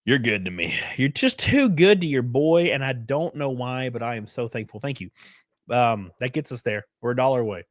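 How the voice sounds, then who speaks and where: A young man hosts a livestream with casual, animated commentary, swearing freely, laughing often and thanking donors by name. His mid-range voice moves at a normal speed, and the studio sound is clean with no echo.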